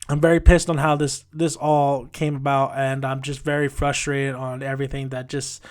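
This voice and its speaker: A man's voice: medium pitch, normal speed, hardly any pauses, a bit bright. A man reviewing a TV episode in a casual, frustrated rant with frequent restarts. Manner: frustrated, ranting, with many restarts. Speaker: TV show reviewer.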